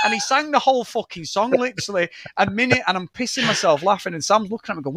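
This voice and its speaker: A man co-hosting a casual podcast with a slightly high voice, swearing freely and breaking into laughter as he tells stories. The sound is dry and close. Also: quick pace, hardly any pauses, dry recording. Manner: sweary, laughing, animated storyteller. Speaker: podcast co-host. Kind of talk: casual chat.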